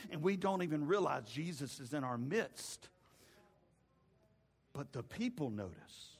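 A man's voice: mid-range voice, expressive, normal speed, vocal fry, a little mellow, big-room sound. A man preaching a sermon, dramatically retelling a story and acting out the people in it. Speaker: pastor.

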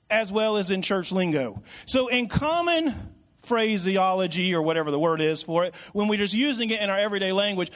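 Man, high voice, preaching a conversational sermon; casual restarts. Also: fairly bright tone.

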